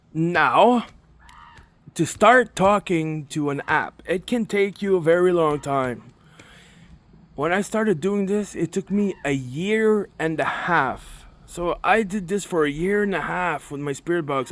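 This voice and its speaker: A man telling a rambling, emotional story in casual talk, often repeating himself. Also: a little high. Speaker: spirit communication vlogger. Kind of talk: casual monologue.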